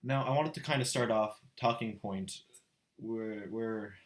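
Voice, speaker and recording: A man's voice: fairly low pitch, a little slow. Teen guy podcast cohost, rambly, loses his point, roomy echo. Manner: rambling, laughs often, loses his train of thought. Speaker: co-host. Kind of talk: casual chat. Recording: echoey room with faint noise.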